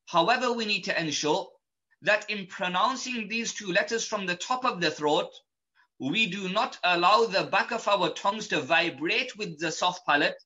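A man teaching pronunciation in a slow, methodical lesson, patiently repeating each point. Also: high-pitched, expressive, sharp tone, dull audio. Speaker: Quran recitation teacher.

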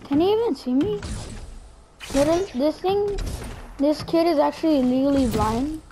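A high-pitched woman narrates her gameplay live. She is chatty and excitable, reacts loudly to finds and threats, and keeps talking straight to her viewers. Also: normal speed. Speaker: gameplay commentator.

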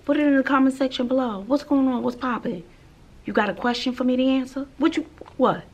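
A woman's voice: sits high, steady tone, fairly quick, darkish tone, lo-fi sound. A woman teacher, chatting sassily to her viewers in a casual vlog, talking to them like girlfriends. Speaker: middle school teacher.

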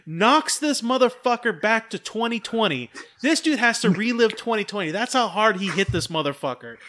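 High-pitched podcast guy swearing a lot, doing all the voices in his story. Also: expressive, moderate pace, pushed and bright, a little hiss or hum. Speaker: podcast co-host. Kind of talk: casual chat.

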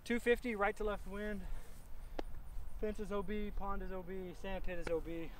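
A young man, chatting excitably to viewers as he narrates his own disc golf round outdoors. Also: high voice, moderate pace, slight background noise. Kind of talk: casual play-by-play self-commentary.

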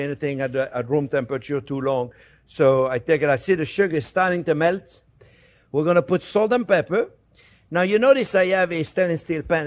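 A male chef hosting a cooking demonstration in a kitchen, talking in a chatty, jokey way and calling the viewers his friends. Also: on the high side. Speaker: cooking show host, chef. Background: faint sizzling pan.

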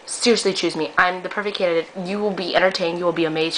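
A woman's voice: fairly low pitch, steady tone, fast, fairly bright tone, slight background noise, low-quality recording. A woman in her twenties recording a brash, profane, self-mocking audition video for a reality show. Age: 20s.

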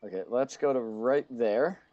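A man's voice: medium pitch, unhurried, muffled recording, a little hiss or hum. A young man playing a co-op game with a friend, yelping, laughing and mocking himself as he struggles. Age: young adult. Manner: excitable, yelps and laughs, self-mocking. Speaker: co-op gaming partner. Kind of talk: casual gameplay chat.

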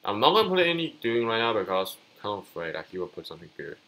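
A man giving casual, excitable commentary over his own card game, repeating himself and calling out to his opponent. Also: fairly low pitch, fast, slight background noise, low-quality recording. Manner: excitable, repeats phrases, talks to opponents on screen. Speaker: gameplay commentator. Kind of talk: casual live gameplay commentary.

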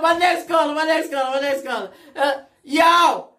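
A woman hosting a rowdy call-in radio show, loud and repetitive, often shouting and laughing. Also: high voice, normal speed. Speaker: radio talk show host. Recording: echoey room.

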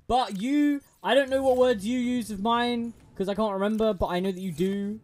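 A man's voice: high voice, moderate pace, darkish tone, faint music behind. A young man streaming a game, chatting to a friend, giggling and stumbling over restarts. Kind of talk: casual gameplay chat with a friend.

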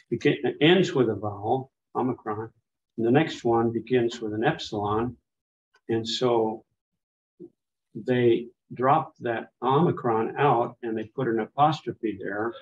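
A man teaching a casual class, patiently explaining things with examples. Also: mid-range voice. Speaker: Greek teacher. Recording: muffled with faint background noise.

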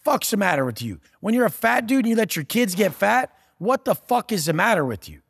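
A man's voice: high voice, big pitch swings, a little fast, creaky, a bit bright, breathy edge, big-room sound. A man giving a profane, aggressive motivational rant as a podcast guest, taunting and blunt.

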